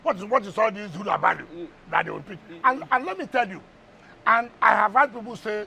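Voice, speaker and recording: A man's voice: high-pitched, animated, brisk, vocal fry, sharp tone. A man with a Nigerian English accent, a politician guest on a heated TV interview, firing rhetorical questions and repeating words for emphasis.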